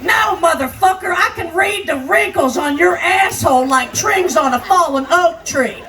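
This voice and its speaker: An older woman doing raunchy live stand-up comedy, brash and crude, shouting her punchlines. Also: extremely high pitch, unhurried. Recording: live stage sound, distant, crowd noise. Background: noisy party crowd.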